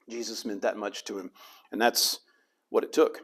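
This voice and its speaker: A man's voice: fairly low pitch, flat delivery, normal speed, pauses often, slightly rough. A middle-aged man preaching a sermon as pastor. He acts out the lines of the people in the story with dramatic swings.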